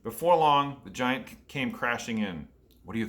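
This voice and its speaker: Male storyteller reading a picture book to kids, bright and forceful. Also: mid-range voice, animated, moderate pace. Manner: asks children questions. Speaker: storyteller for children.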